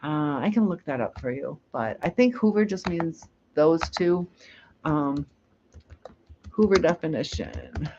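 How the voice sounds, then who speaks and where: A woman's voice: sits low, animated, a little slow, a little mellow, slight background noise. Chatty woman hosting a livestream. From United States. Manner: chatty, rambling, laughs easily. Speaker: livestream host. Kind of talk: casual live chat, reading comments. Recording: dull lo-fi stream audio.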